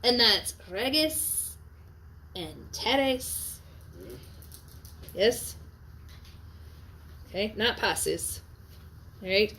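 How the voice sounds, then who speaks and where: Chatty woman teaching a Latin class. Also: a little high. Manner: lively, chatty, asks frequent check-in questions. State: tired. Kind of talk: classroom lecture on a Latin text.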